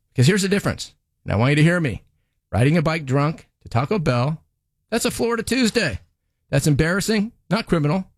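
A man's voice: on the high side, no room sound, clean studio sound. A man voicing a stern, sarcastic female TV judge who scolds defendants in a comedic courtroom monologue.

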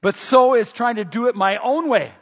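A middle-aged man preaching a sermon in an animated, emphatic, repetitive way. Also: very high-pitched, normal speed. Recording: dull reverberant church sound.

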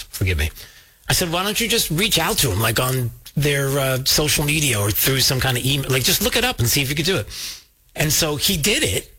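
A man hosting a talk show, telling a story casually and jumping high in pitch when he quotes people. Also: bright, forceful tone, slightly rough. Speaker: show host.

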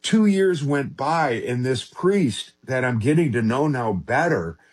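Here a male guest relates a personal experience earnestly but haltingly, with many restarts. His mid-range voice is animated and a little rough.

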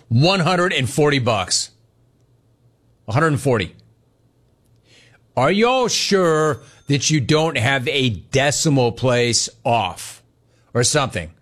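A man hosting a sports talk show, ranting in a sarcastic, mocking, animated way. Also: medium pitch. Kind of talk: comedic sports commentary rant.

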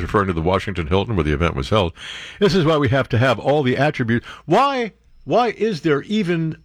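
Man, talk radio host, sarcastic, lively swinging pitch, dry close mic. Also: no room sound. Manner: sarcastic, animated commentary with mock-incredulous outbursts. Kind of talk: reading and mocking news on air.

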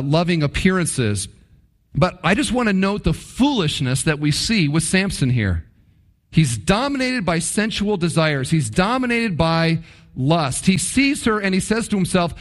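A man with a high-pitched voice preaches to his congregation. He leans on key words, drawing some out slowly and rushing through asides, and poses rhetorical questions to his listeners. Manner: emphatic, swings between low drawn-out stresses and quick asides. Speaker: pastor. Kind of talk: sermon.

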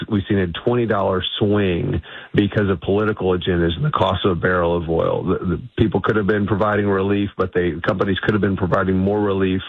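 A man's voice: deep voice, husky, no room sound. A man speaking as a guest in a phone-in radio interview, arguing his points assertively with frequent restarts. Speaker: energy policy guest. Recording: tinny phone line.

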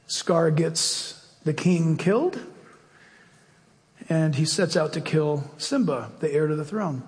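Slow, high-voiced pastor in a reverberant hall. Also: male voice, animated, darkish tone. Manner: emphatic, rhetorical questions, prayerful. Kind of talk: sermon and closing prayer.

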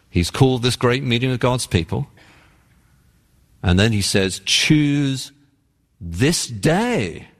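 An earnest male pastor delivering a sermon with lively, swooping pitch and dramatic pauses. His voice rings out with a long reverb, as if recorded in a large church sanctuary. He presses his points emphatically, slowing down and speeding up.

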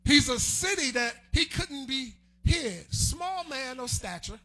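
A man delivering a sermon, chanting his lines and swelling into shouts. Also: extremely high pitch, sing-song, slow pace. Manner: chanting, sing-song preaching that swells into shouts. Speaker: preacher.

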